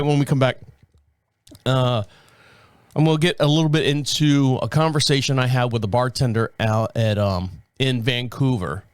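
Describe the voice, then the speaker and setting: A man in his fifties hosts his own show and chats loosely, doubling back and restarting his sentences as he goes. His voice sits at an ordinary middle pitch. The recording is dry and close, with no room sound around him. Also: clean tone, no room sound. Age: 50s. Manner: rambling, self-correcting storytelling. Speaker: podcast host. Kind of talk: casual solo talk.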